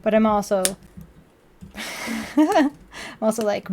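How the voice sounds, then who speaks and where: A woman's voice: a little high, normal speed, slight background noise. Chatty woman streaming from home. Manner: chatty, laughs often, acts out her own frustrated retorts. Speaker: streamer building a model kit. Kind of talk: casual live-stream chat. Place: indoors at home.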